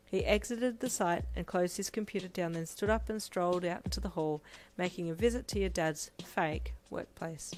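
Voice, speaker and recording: A woman reads a fan story aloud in second person, with a steady and even delivery. Her voice sits low for a woman. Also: normal speed, soft background music. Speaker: fanfiction reader.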